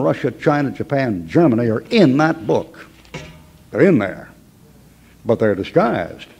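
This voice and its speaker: A man's voice: on the high side, creaky, a little mellow, husky. A man teaching a Bible class in a folksy, emphatic way, with chuckling asides.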